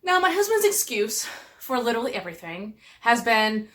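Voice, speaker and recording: A woman's voice: on the high side, very animated, moderate pace, pushed and bright. A woman telling stories casually to camera, chatty and exasperated, with lots of "like". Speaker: vlogger.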